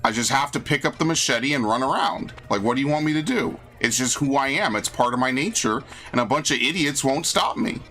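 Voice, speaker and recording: Brief: young New guy streaming games, fed up and swearing, mid-pitched bright voice. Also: fairly quick, few pauses, faint music behind. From New York. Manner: exasperated, profane ranting. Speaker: game streamer. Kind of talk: live game stream commentary.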